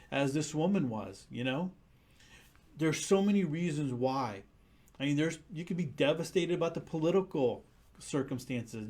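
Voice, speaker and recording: Male pastor, slightly higher voice, earnest conversational sermon delivery. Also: a little mellow. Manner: earnest, conversational preaching with frequent restarts.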